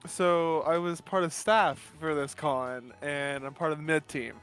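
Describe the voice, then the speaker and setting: A man's voice: on the high side, fairly even intonation, a little slow, fairly bright tone, smooth, faint music behind. A man telling a long casual story while gaming, rambling and laughing often. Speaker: gamer streaming with a co-host.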